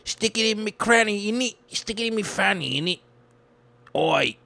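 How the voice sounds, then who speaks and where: A man's voice: high voice, animated, moderate pace, gravelly, sharp tone, voice pushed up, full character voice. A man voicing a crude, cheeky young British woman, a ginger, with an exaggerated British accent.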